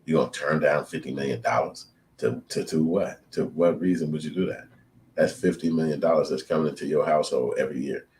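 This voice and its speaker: A man with an extremely low, steady, slightly mellow voice hosts his own show, speaking briskly and directly to viewers. He rants in a blunt, profane, preachy way, acting out quotes in this casual opinion monologue. There's slight background noise.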